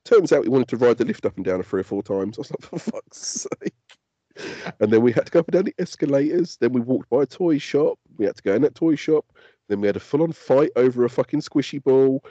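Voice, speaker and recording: A man's voice: mid-range voice, fast talker, no room sound, dull audio. A man, co-hosting a podcast in casual chat and telling stories with lots of swearing. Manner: sweary, animated storytelling. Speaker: podcast co-host.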